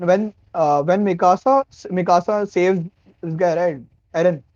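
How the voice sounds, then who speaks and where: High, mellow-voiced man on a dull mic. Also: moderate pace, dry recording. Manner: earnest, repetitive explaining. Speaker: podcast co-host. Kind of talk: casual anime discussion.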